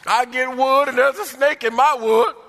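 A man's voice: very high-pitched, fairly even intonation, normal speed, bright, forceful tone, pitched above the performer's own voice, exaggerated voice. A man preaching, voicing a whiny, panicking grown man who complains melodramatically. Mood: whiny panic.

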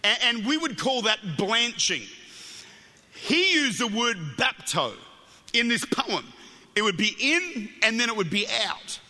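A man with an Australian accent preaches in a big church hall, and his voice rings back with a long reverb. His voice sits very high and sounds intensely bright. He mixes jokes with passionate, shouted appeals. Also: a little slow. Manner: humorous, animated, building to shouted fervor. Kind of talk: sermon.

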